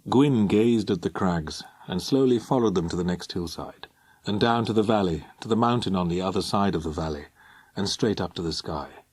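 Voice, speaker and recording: A man narrating an audiobook in a measured, expressive reading. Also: low-pitched, breathy edge, no room sound. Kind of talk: scripted narration.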